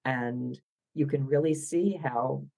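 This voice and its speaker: A woman's voice: extremely low pitch, slow, gravelly, dark tone, low-quality recording. A woman with a Philadelphia accent, a guest author talking in an interview, opinionated and wry. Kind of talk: podcast interview.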